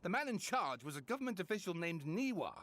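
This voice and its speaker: Showy, excitable writer, high voice swooping all over for game dialogue. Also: male voice, quick pace. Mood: explaining. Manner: theatrical, excitable, dramatic build-ups. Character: eager male scholar-writer, theatrical and chatty.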